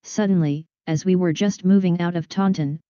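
Woman audiobook narrator, lowish mellow voice, measured delivery, dull dry lo-fi sound. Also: steady tone, no echo. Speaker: audiobook reader. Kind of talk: scripted narration of a detective story.

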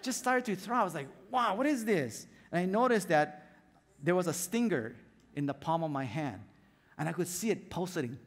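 A man's voice: high-pitched, animated, moderate pace, long reverb tail. A man preaching a sermon, telling a story and acting out scenes and sound effects as he goes. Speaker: pastor. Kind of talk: lively sermon with stories. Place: church hall.

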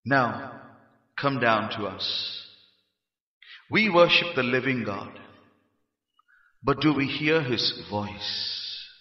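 Emphatic Indian man preaching in a hall. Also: medium pitch. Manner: emphatic, rises to shouts on key phrases. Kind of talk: sermon. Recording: roomy hall, dull lo-fi sound.

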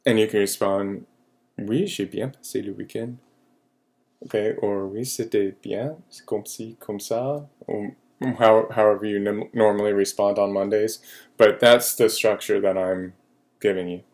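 A man teaching a recorded French lesson, slow and patient with many fillers, repeating each French phrase. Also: on the low side, fairly even intonation, darkish tone.

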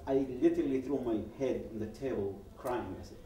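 This guest speaker, a man from Yemen, tells his personal testimony as a narrative at a public event, dramatizing quoted lines and restarting sentences often. His voice sits at medium pitch, runs a little fast, and sounds warm, with slight background noise. The roomy hall and his distance from the mic shape the recording.

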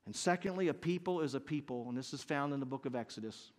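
A man in his fifties preaching a sermon as pastor, earnest and building to loud, emphatic bursts. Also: medium pitch, quick pace. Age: 50s.

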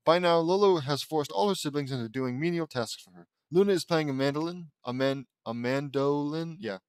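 A man's voice: fairly high pitch, normal speed, clean tone, no room sound. A man reading a fan fiction story aloud, stumbling over words and breaking off for joking asides. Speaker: audiobook reader.

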